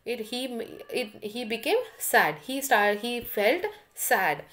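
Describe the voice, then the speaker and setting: A woman's voice: on the high side, slow, fairly bright tone. A woman teacher with an Indian accent, giving an online English lesson. She goes through a story line by line, repeating phrases and explaining the meaning of each word.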